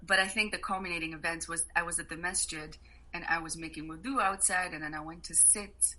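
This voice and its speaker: A woman guest on a podcast, telling travel stories in a casual, animated way and laughing often. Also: fairly low pitch, poor audio. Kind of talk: casual storytelling.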